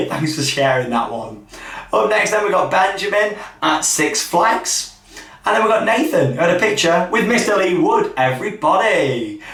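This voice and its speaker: A man hosts a casual theme park news roundup in an upbeat, chatty way, tossing in quick asides. His voice sits a bit high. He sounds a little away from the mic, in a roomy, echoey hotel room. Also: a bit bright, distant mic.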